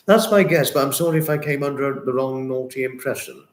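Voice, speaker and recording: Guy hosting a late night stream, gushing and sympathetic, says things twice, echoey room, mid pitch. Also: normal speed. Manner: effusive, sympathetic, repeats himself often. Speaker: livestream host. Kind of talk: casual chat reading viewer comments. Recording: roomy echo.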